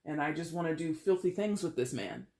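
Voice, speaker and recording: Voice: mid-range voice, lively intonation, a little fast, darkish tone. A tarot reader giving a casual, chatty reading with playful, dramatic exaggeration. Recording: roomy echo.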